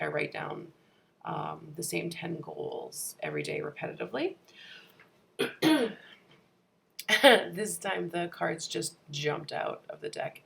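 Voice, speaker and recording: A woman talking through a vlog voice-over while sick, her voice worn and husky, chatty with plenty of fillers. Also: fairly low pitch, a little hiss or hum. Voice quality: gravelly. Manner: chatty, laughs often, many fillers. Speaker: vlogger.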